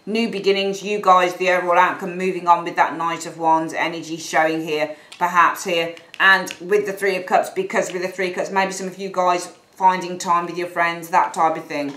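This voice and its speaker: A woman's voice: on the low side, level tone, normal speed, hardly any pauses, fairly bright tone. Blunt woman, echoey room. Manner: blunt, frank, swears casually, repeats herself. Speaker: tarot reader. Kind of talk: monthly tarot reading, ranting aside.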